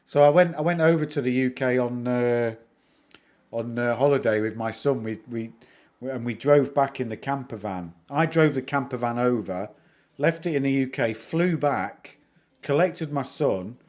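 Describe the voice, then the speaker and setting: A man's voice: medium pitch, normal speed, darkish tone. Northern english guy rambling on his livestream, middle aged, jokey, chill music going behind him. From England. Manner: chatty, rambling, self-mocking jokes. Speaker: livestream host. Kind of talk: casual livestream chat. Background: background music.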